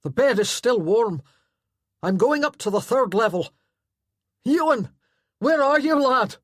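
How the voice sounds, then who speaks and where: A woman voicing a furious male Highland laird who shouts and roars as he hunts for his son in an audiobook. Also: animated, measured pace, no echo, studio quality. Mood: roaring. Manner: roaring, shouting.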